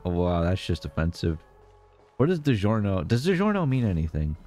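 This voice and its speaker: A man's voice: low voice, very animated, brisk, dark tone, soft background music. A young man streaming live, chatting casually and jokily with his viewers in a rambling way. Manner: rambling, jokey, chats to viewers, laughs often.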